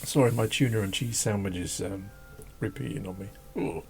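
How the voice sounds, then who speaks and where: A man hosting a drawing channel, chatting casually and rambling as he draws, self-deprecating and laughing often, with a croaky voice. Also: on the low side, normal speed, a little mellow. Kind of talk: casual chat while drawing. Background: faint classical music.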